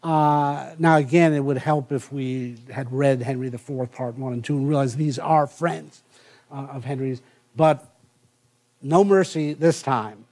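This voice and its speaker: A middle-aged male professor giving a university lecture, halting with many filler sounds and restarts and reading passages aloud. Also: mid-range voice, steady tone, darkish tone. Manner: reads passages aloud from the text.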